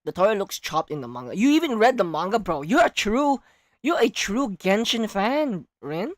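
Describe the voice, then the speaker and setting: A woman streamer reacting to a game, animated and jokey, sometimes shouting, sometimes hushed, while losing her voice. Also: medium pitch, moderate pace, no echo, clean studio sound.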